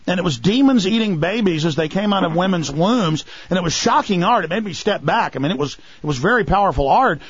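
A man with a high voice talks fast and heatedly on a radio show, sarcastic and mocking. The sound is dry and a little dull, like lo-fi broadcast audio. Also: lively intonation, husky, no echo. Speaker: radio talk show host.

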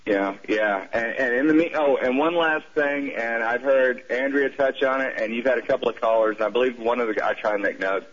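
A man's voice: mid-range voice, fairly quick, few pauses. A man from the southern United States with a Southern accent, calling in to a radio show and rambling with many restarts. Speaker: caller. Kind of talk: call-in radio conversation. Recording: muffled radio broadcast audio.

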